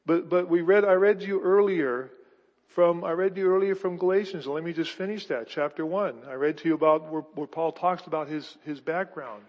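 Guy preaching, high voice, going a bit hoarse, keeps firing rhetorical questions, long echo, kinda muffled. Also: brisk. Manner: preaching with rising emphatic bursts, rhetorical questions. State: losing his voice. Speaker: pastor. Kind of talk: sermon. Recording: dull sound with long hall reverb.

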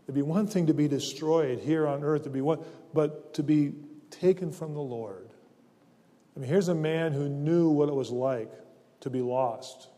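A man's voice: a little high, dark tone. Earnest male preacher in a reverberant hall. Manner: earnest, emphatic scripture reading with slow stresses. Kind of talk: sermon. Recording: long reverb of a large hall.

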